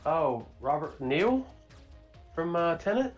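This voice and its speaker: A man's voice: a little high, big pitch swings, slow pace, over music. A young man co-hosting a casual movie podcast, thinking aloud and unsure of his answers. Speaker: podcast co-host.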